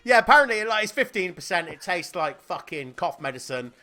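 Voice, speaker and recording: A man's voice: high-pitched, very animated, a little fast, sharp tone. A man with a Northern Irish accent co-hosting a podcast, swearing and laughing through casual banter. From Northern Ireland. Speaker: podcast co-host.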